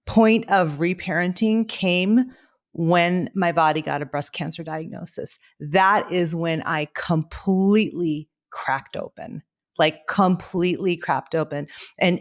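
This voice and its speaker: A woman in her fifties hosting a podcast, speaking in a reflective, measured way. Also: on the low side. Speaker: podcast host, doctor. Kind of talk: conversational interview.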